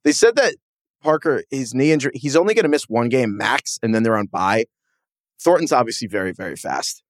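A man co-hosting a sports podcast in casual chat, animated and chatty and quick to laugh at himself. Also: medium pitch, no room sound, clean studio sound. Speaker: podcast co-host.

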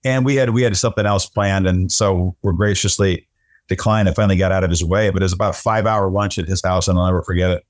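A man's voice: sits low, fairly even intonation, fast, dry recording, studio quality. A middle-aged man, a sportscaster guest, telling stories in casual conversation and often repeating words as he starts sentences.

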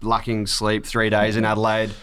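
A man's voice: fairly low pitch, monotone, moderate pace, fairly bright tone, clean tone. A man guesting on a podcast, telling stories in a dry, wry way. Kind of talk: casual storytelling.

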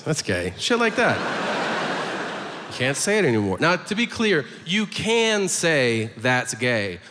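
A male stand-up comedian ranting through his routine and acting out little exchanges in quick put-on voices, recorded live in a comedy venue. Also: mid-range voice, fairly bright tone. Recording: live stage recording, hall reverb, audience noise.

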